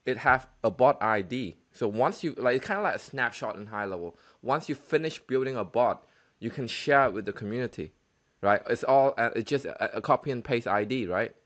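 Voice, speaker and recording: A man's voice: mid-range voice, expressive, brisk, a bit bright. A man hosting a casual call, asking loose, rambling questions full of fillers. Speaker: host. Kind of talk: casual video-call interview.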